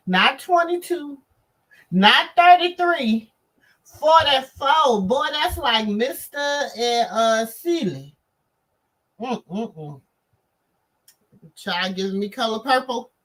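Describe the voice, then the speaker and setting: A woman's voice: a little high, fairly bright tone, low-quality recording. A woman in AAVE giving chatty commentary to her viewers, full of asides.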